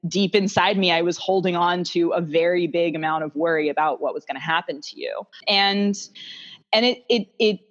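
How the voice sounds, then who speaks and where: A woman's voice: on the low side, normal speed. A woman co-hosting a podcast, talking in an earnest, reflective way in a heartfelt conversation. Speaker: podcast co-host. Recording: dull lo-fi sound.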